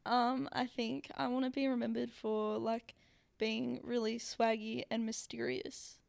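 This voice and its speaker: A young woman on a podcast, delivering deadpan, ironic jokes. Her voice sits fairly high with a gravelly fry. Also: measured pace. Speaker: podcast co-host. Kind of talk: casual chat.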